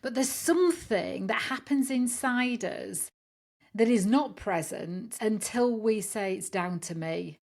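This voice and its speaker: A woman's voice: fairly high pitch, animated, slow pace, creaky, a little mellow. A woman hosting an interview, reflecting on and summing up what her guest says. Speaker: interview host.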